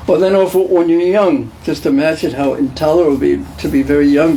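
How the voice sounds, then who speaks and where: A man's voice: on the high side, steady tone, fast talker, vocal fry, hardly any pauses, dark tone, a little hiss or hum, rough recording. A man giving a devotional class lecture in a conversational way, repeating phrases and putting questions to the listeners. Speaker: lecturer on scripture.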